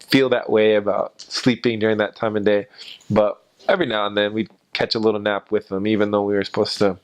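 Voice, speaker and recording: An American man, a former missionary, telling anecdotes in a halting way with many fillers. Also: fairly low pitch, smooth. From United States. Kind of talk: personal anecdotes in an interview.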